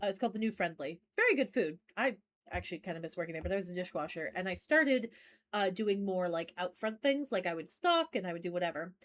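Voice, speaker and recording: A woman's voice: lowish voice, animated, quick pace. A woman co-hosting a podcast, telling a rambling story in casual chat with lots of fillers and restarts. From not from Maine. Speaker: podcast co-host.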